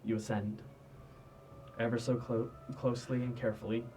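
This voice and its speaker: A man's voice: medium pitch, level tone, moderate pace, warm tone, soft background music. A man running a tabletop game as game master, narrating scenes and often laughing at the table. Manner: laughs often, apologetic asides.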